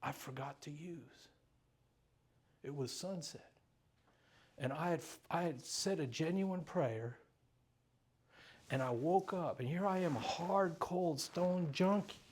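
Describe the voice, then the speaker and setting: A man's voice: on the high side, takes it slowly, pauses often, darkish tone, breathy edge. A middle-aged man telling his own recovery story in an earnest, emotional way, speaking in short bursts. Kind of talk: personal testimony talk.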